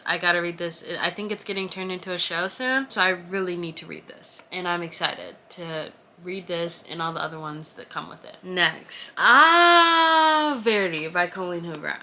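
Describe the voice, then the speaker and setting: Young woman vlogging about books, bright voice, talks fast and dramatic, at home. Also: lowish voice, a little hiss or hum. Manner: chatty, animated, exaggerated reactions. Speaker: book vlogger. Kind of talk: casual chat to camera.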